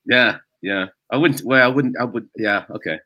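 A man's voice: mid-range voice, normal speed, highs cut off. A man, a stand-up comedian, telling stories in a casual podcast chat and laughing as he talks.

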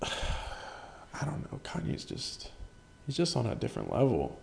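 A man's voice: medium pitch, huge pitch swings, moderate pace, creaky, a little mellow. A man hosting a solo podcast in casual chat, rambling, swearing freely and joking at his own expense. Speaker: podcast host.

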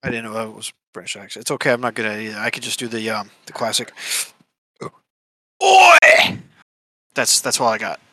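A young man with a bright, forceful voice, joking around crudely with friends on a podcast. He talks in easy, casual banter and sounds close and dry, with no room around him. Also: on the low side, steady tone, racing, few pauses, no room sound. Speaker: podcast co-host.

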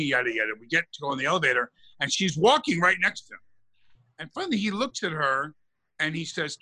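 On poor audio, a man with a voice on the high side briskly relates a long anecdote while co-hosting a casual podcast. He acts out the quotes with animation and often begins his sentences again.

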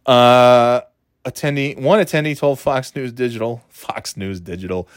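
A man hosting a podcast, ranting in a casual, profane, exasperated way and mocking people in high put-on voices. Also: normal speed, clear, resonant tone, no room sound. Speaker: podcast host.

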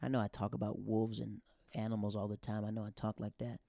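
A man who does stand-up comedy, telling stories in a casual, animated way and acting out the dialogue he quotes. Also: fairly low pitch, fast, creaky, dry recording, studio quality. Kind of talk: casual storytelling.

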